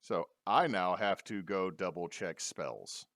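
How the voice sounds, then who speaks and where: A man's voice: sits low, animated, slow, fairly bright tone, dry recording, clean studio sound. A man acting as dungeon master, giving a casual, jokey recap of a tabletop game on a stream.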